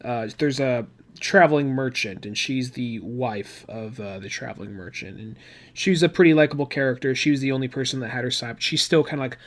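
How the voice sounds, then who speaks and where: A man's voice: mid-range voice, fairly quick. A man hosting a podcast, recapping a comic book in a rambling, chatty way with asides. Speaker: podcast host.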